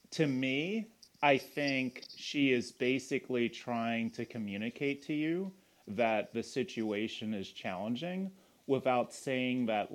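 Calm man explaining in casual talk. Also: medium pitch. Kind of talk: casual discussion.

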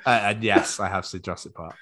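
A man's voice: lowish voice, fairly even intonation, quick pace, bright, forceful tone. A man, a theatre actor, chatting as a podcast guest in a jokey, playful way. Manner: jokey, playful, slips into silly voices. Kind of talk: casual chat.

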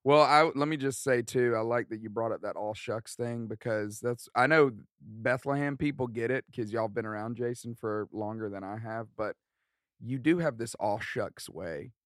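A man's voice: medium pitch, normal speed, a bit bright, no room sound, clean studio sound. A man from West Alabama, a guest speaker giving an encouraging, heartfelt talk in a podcast conversation.

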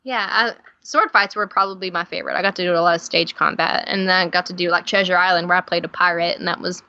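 A woman's voice: fairly low pitch, quick pace, dull audio. A woman with a Southern drawl from Tennessee, telling stage stories animatedly as a podcast guest. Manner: animated storytelling with laughs. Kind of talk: casual conversation.

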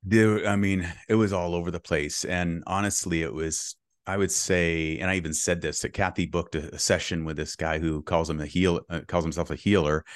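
A middle-aged man with a very low, deep voice tells his story earnestly and reflectively, now and then breaking into a short laugh. The sound is close and dry, with no room around it. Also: no echo. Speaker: podcast guest. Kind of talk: conversational storytelling.

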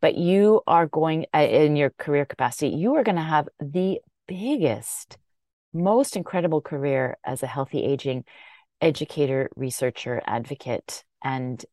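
A woman hosting a podcast, effusive with warm thanks and quick asides in a casual chat. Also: sits low, dry recording, clean studio sound. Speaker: podcast host.

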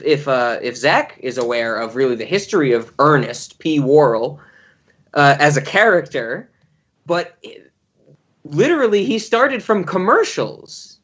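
Rambling podcast guy, slightly high voice. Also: muffled recording. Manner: long-winded, rambling explanations. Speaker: podcast co-host. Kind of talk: casual chat.

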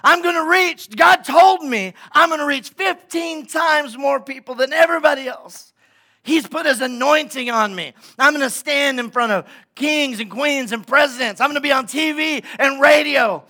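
A man voicing an overexcited young man shouting from a rooftop. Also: very high voice, moderate pace, pitched above the performer's own voice, exaggerated voice. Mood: ecstatic. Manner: shouting, ecstatic.

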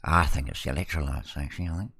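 A male radio co-host chats in a laid-back, agreeable manner. His voice is extremely deep and husky. The sound is dry and close-miked. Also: quick pace, bright, forceful tone, no room sound. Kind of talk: casual talk radio.

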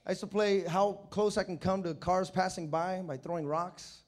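A man preaching a sermon, telling childhood stories and acting out the voices with shouts. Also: high-pitched, fairly even intonation, moderate pace. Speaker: pastor. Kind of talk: sermon with storytelling. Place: church.

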